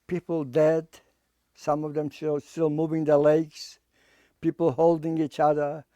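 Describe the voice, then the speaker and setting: An older man giving personal testimony as an interviewee, speaking haltingly and emotionally, often repeating and restarting his words. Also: on the high side, completely flat delivery, dark tone, no room sound, dull audio. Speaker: interviewee, artist.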